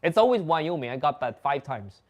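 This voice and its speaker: Lively Dutch guy with a slightly high voice, chatty livestream host who laughs a lot. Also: normal speed. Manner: animated, laughs often, acts out other people's lines. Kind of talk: casual storytelling.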